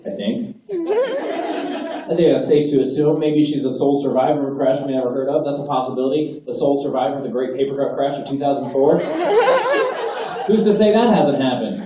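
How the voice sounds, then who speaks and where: A man's voice: mid-range voice, very animated, fairly quick, mellow, a little hiss or hum. A man doing a stand-up routine, ranting with growing exasperation at a live comedy venue. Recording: distant, dull, echoey audience recording. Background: audience laughter.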